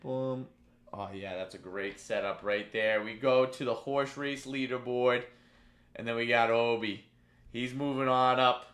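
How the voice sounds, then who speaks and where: A man hosting a live stream, calling a chat horse race with animated play-by-play and banter. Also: mid-range voice, measured pace, roomy sound. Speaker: stream host.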